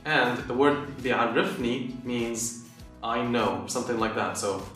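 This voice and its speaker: A man teaches phrases one at a time and repeats each word slowly so it can be followed. He sounds far from the mic in a very echoey room. Faint music plays underneath. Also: mid-range voice, a bit bright. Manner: explains step by step, repeats words slowly. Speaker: Arabic dialect teacher. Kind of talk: language lesson video.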